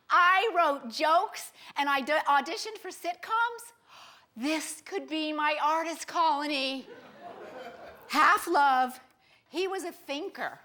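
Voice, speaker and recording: Woman, stand-up comedian, wry, self-mocking, unhurried delivery. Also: high voice, pushed and bright. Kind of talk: stand-up storytelling.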